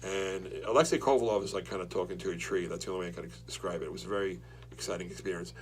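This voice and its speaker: New guy, low-ish voice, rambling excitable podcast host, faint hum. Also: racing. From Long Island, New York. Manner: rambling, excitable storytelling with many restarts. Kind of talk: casual chat.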